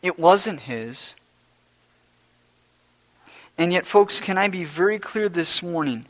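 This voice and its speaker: A male pastor delivers a sermon in a high-pitched voice to a church congregation. He stresses key points through repetition, dropping to a near hush before building back to loud declarations. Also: lively intonation, slow pace. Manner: emphatic and repetitive, swinging between hushed and loud.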